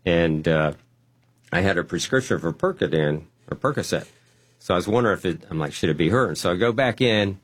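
A man telling a personal testimony story, animated and acting out the quotes. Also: low voice. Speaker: guest.

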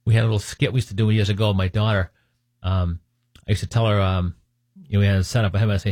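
A man's voice: lowish voice, fairly even intonation, fast, darkish tone, no room sound. A man teaching from the Bible in a conversational way, reading scripture aloud and adding joking asides. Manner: joking asides, laughs at his own points; reads scripture aloud, then comments on it.

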